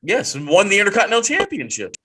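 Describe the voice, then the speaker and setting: A man co-hosting a wrestling podcast in casual chat, animated and quick to repeat himself when he gets going. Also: high-pitched, breathy edge. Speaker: podcast co-host.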